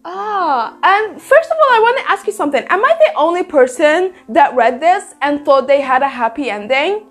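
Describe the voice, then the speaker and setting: Excitable high-voiced young woman gushing. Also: moderate pace, few pauses. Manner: gushing and excitable, swears freely. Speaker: book reviewer. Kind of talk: casual chat to camera.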